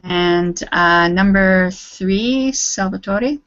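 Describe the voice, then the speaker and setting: A woman's voice: medium pitch, extremely slow, fairly bright tone, no room sound, lo-fi sound. A woman teaching an English grammar class online, correcting students patiently and encouragingly.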